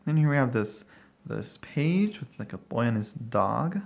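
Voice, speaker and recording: Man, casual home video, rambling, lots of fillers, medium-pitched voice. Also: big pitch swings, a little slow, vocal fry, a little mellow. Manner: rambling, thinking aloud with many fillers and short laughs. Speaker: tarot deck reviewer. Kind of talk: casual walkthrough talk. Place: at home, dog barking nearby.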